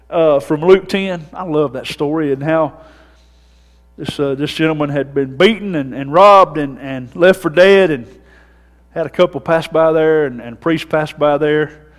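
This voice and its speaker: A Southern American man preaching a sermon as pastor, folksy and storytelling, swinging from loud preaching to soft asides. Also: on the high side, moderate pace, big-room sound. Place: church sanctuary.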